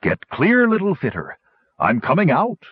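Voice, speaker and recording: A man voicing a huge male dragon who speaks in booming, grand proclamations. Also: wildly swooping pitch, moderate pace, husky, dry recording, full character voice. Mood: exultant. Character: huge exultant male dragon, freed from captivity. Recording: dull lo-fi audiobook recording.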